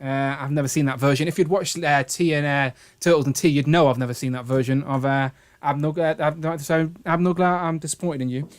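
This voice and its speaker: A man's voice: fairly high pitch, fairly even intonation, fairly quick, hardly any pauses. Chatty man hosting a livestream. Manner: chatty, jokey, reads out chat comments. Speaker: livestream host. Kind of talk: casual livestream chat.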